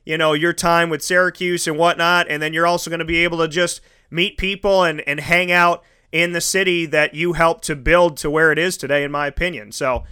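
Bright-voiced enthusiastic man hosting. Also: a little high, clear, resonant tone. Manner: enthusiastic, rambling, restarts a lot. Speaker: host. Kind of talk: casual interview chat.

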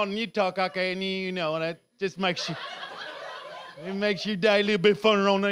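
A middle-aged man from Canada performs stand-up with an unusually high voice. He rambles, shouts lines for effect and laughs through his own bits. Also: fairly even intonation, brisk. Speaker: stand-up comedian. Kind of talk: live stand-up set. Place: comedy club stage.

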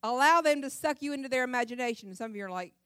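A middle-aged woman speaks at a church women's gathering, mixing scripture with jokes in an animated, laugh-filled way. Her voice sits high, and the close mic keeps it dry and free of room sound. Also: very fast, clear, resonant tone, no room sound. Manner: animated, laughs often, sings snippets. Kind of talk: humorous devotional talk.

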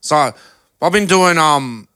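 An Australian man hosting a casual podcast, rambling through asides with plenty of fillers. His voice is bright and clear, smooth and crisp in tone. He sounds relaxed and chatty. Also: a little high, unhurried. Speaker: podcast host.

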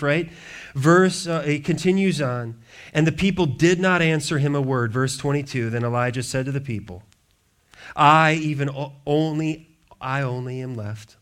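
A man preaching a sermon, reading scripture aloud and breaking off into joking asides, swinging from hushed to loud. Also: mid-range voice. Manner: reads scripture then riffs with humor and asides. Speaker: pastor.

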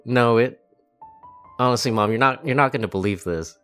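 A man's voice: medium pitch, moderate pace, a bit bright, soft background music, voice pushed up, natural voice. A man voicing a frightened young woman locked in a jail cell, stammering through tears. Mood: tearful, shaken. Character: tearful frightened young woman jailed daughter.

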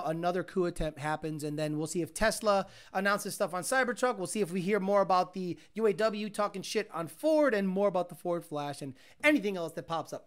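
A man's voice: high voice, clean tone. Profane, rambling man hosting a livestream. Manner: rambling, profane, mimics sounds with loud bursts. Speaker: livestream host. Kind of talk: casual livestream chat.

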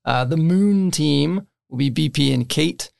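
A man's voice: fairly high pitch, measured pace, vocal fry. A man casually explaining the rules of a board game to friends, with many fillers and short laughs. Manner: relaxed, filler-heavy, laughs between points.

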